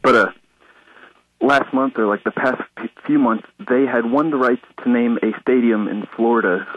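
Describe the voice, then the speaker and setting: A man's voice: medium pitch, fairly even intonation, normal speed, highs cut off. A man calling in to a radio talk show, nervous and rambling. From Alaska. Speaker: caller.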